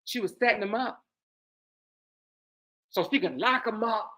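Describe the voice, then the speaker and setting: A woman hosting a vlog, talking in a sarcastic, animated, slangy commentary style. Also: on the high side, normal speed, long pauses. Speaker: vlog host.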